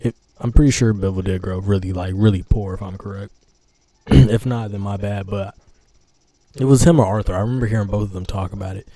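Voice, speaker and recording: A young man reacting to clips in loose, slangy casual talk. His voice sits low and very dark. It sounds dry and close, and he keeps trailing off and starting over. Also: a little fast, no room sound. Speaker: reaction streamer.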